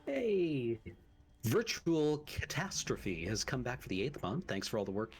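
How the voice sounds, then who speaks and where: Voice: mid-range voice, sing-song, unhurried. A stream co-host in casual chat, reading subscriber thanks and stumbling over names.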